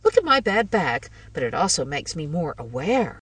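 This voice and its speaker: A woman's voice: deep voice, very animated, moderate pace, a bit bright, husky, no room sound, far from the mic, heavily acted. A woman voicing an eager, meddlesome older woman who gushes breathlessly about ghosts, in a storybook reading. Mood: excited. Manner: gushing, breathless, triumphant.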